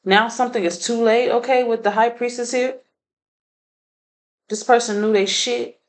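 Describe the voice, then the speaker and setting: A woman's voice: fairly high pitch, steady tone, normal speed, poor audio. A woman doing a casual tarot reading, blunt and profane, laughing often. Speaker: tarot reader.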